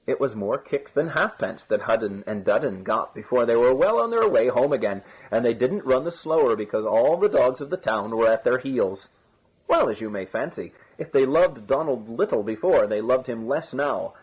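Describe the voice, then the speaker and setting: A man narrating a storybook in a measured, expressive way. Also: mid-range voice, husky. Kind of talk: storybook reading. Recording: dull lo-fi recording.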